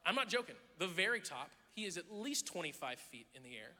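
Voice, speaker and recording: Bright, animated man preaching in a hall. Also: high-pitched, a little fast. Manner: animated storytelling, jokes and acted-out quotes. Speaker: pastor. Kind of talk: sermon. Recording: long hall reverb.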